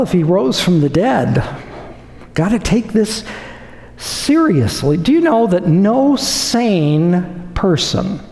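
Male preacher, emphatic and repetitive, high lively voice, long hall reverb. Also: slight background noise. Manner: emphatic, repeats phrases for effect. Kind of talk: sermon.

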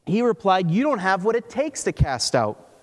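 A man's voice: sits high, very animated, moderate pace, big-room sound. A man preaching a sermon, explaining scripture step by step with playful asides. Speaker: pastor.

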